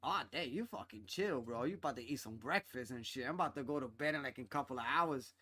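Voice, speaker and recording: A man hosting a game stream, chatting loudly and excitably with plenty of swearing and laughter. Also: mid-range voice, quick pace, no room sound. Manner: loud, excitable and profane, laughs often. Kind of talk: casual gaming chat.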